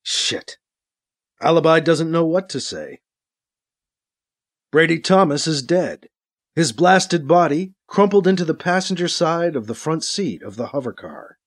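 A man narrating a science-fiction story with a dramatic, expressive reading. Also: on the high side, unhurried. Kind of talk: audiobook narration.

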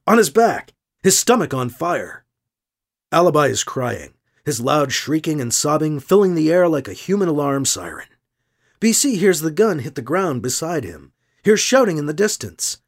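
Audiobook narrator, dramatic reading, pitch moving widely. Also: breathy edge. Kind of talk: scripted narration.

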